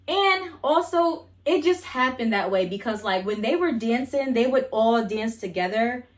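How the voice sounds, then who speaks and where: A woman's voice: on the high side, animated, unhurried. A young adult woman vlogger telling a casual storytime, blunt and profane, chatty with lots of fillers.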